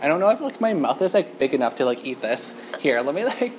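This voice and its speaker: A woman's voice: low-pitched, sing-song, fast talker, a little mellow, a little hiss or hum. A woman from Canada hosting a chatty mukbang eating show in an empty restaurant, talking to the camera with lots of "like" fillers. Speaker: mukbang host.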